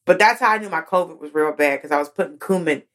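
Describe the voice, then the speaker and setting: Animated woman comedian, low-pitched. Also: fast talker. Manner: animated storyteller, swoops high when acting out moments. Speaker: comedian guest. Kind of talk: casual interview chat.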